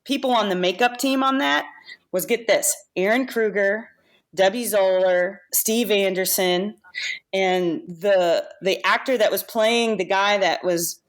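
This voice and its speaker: A woman being interviewed on a podcast about her makeup effects career, telling animated anecdotes with laughs and restarts. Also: mid-range voice, a little slow. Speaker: guest makeup effects artist. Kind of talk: casual storytelling interview.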